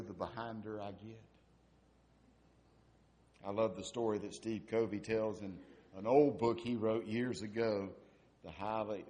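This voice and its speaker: A man's voice: on the low side, mellow. A man preaching a sermon, asking repeated rhetorical questions and building to emphatic peaks.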